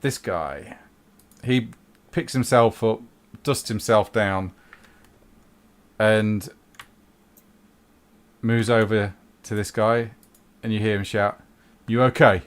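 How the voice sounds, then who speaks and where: Brief: man game master, low voice, calm rulings. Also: slow pace, pauses often, clean tone. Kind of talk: running a tabletop game.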